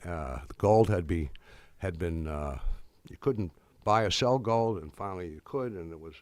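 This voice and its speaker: An older man giving a talk to an audience, telling a story in a halting, wry way with many restarts. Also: deep voice, animated, a little mellow, no room sound.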